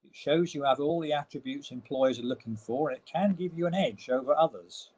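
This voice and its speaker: A man's voice: on the high side, a little fast, a little mellow, husky, low-quality recording. A man giving a webinar slide presentation, explaining each step and leaning hard on the key words. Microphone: online webinar audio.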